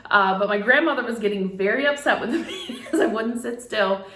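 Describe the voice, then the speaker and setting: A woman's voice: on the high side, animated, brisk, a bit bright. Candid woman telling her story in an echoey room. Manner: candid and emotional, with laughs and fillers. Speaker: boudoir photographer sharing a personal story. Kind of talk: personal storytelling monologue.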